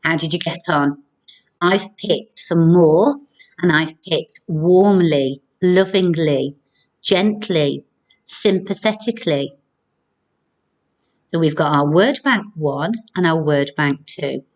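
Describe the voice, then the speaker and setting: A woman primary school teacher giving a recorded video lesson, speaking clearly and encouragingly to children. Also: deep voice. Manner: slow, clear, encouraging classroom delivery.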